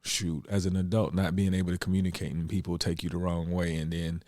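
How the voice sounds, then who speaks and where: Man, podcast co-host, deep and mellow, candid and searching, dry close mic. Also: little pitch movement, brisk, dry recording. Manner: candid, searching, with frequent fillers. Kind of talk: reflective casual conversation.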